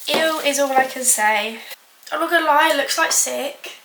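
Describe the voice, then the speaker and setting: A young woman with a high, light voice rambles through a home baking vlog, poking fun at herself and filling every pause with "like". The kitchen sounds echoey, and dishes and pans clatter in the background. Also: background noise. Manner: rambling, self-mocking, full of filler "like". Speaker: baking vlogger. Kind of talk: casual chatty vlog.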